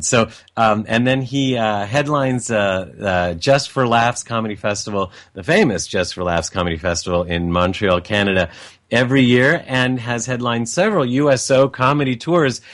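A man's voice: lowish voice, fairly bright tone. A male talk show host from the US West Coast, interviewing a guest with many fillers and restarts. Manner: halting, many fillers and restarts, laughs along. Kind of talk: casual interview.

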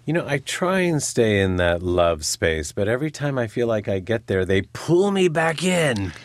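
A man's voice: mid-range voice, sing-song, moderate pace, no echo. A man hosting a casual interview, attentive, joking now and then. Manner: attentive, joking, many murmured mm's. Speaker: host.

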